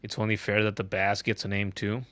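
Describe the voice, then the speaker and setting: A man's voice: lowish voice, little pitch movement, brisk, fairly bright tone, dry recording. A man streaming a video game and chatting casually, joking in a put-on Australian accent and tacking "mate" onto everything, often stumbling over his words. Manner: jokey, tacks a mock Australian "mate" onto every line; stammery restarts. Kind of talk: casual live-stream commentary.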